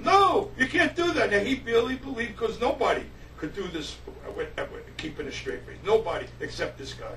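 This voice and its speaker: Older-style storyteller: man with a high voice, animated anecdote, distant roomy mic. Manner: animated, repeats himself, laughs as he tells it. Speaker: musician telling a story. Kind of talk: casual anecdote. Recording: roomy, distant, faint hiss.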